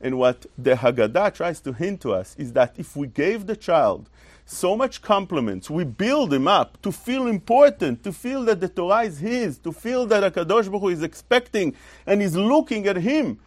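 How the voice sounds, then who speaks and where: A man teaches a Torah lesson in a high, very animated voice that swings up and down. He leans on rhetorical questions and repeats himself for emphasis, and the sound is close and dry. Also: normal speed, dry recording. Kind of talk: religious lesson.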